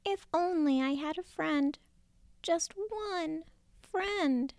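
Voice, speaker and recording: A woman's voice: high voice, sing-song, a little slow, gravelly, no echo, clean studio sound, pitched above the performer's own voice, full character voice. Woman doing a small timid turtle boy. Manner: timid, quavering. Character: small shy lonely young turtle boy.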